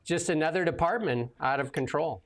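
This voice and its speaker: A man's voice: fairly high pitch, fairly quick. A man hosting a political talk show, commenting casually with sarcastic asides and frequent laughter. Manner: sarcastic, rambling, laughs often. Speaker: host.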